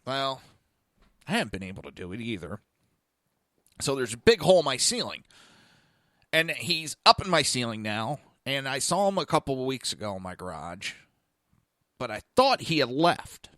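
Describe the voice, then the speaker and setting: A man's voice: mid-range voice, very animated, normal speed, pauses often, sharp tone, no room sound, studio quality. A man hosting a podcast, telling a blunt, profane story in a casual monologue. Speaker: podcast host. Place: lives in Florida.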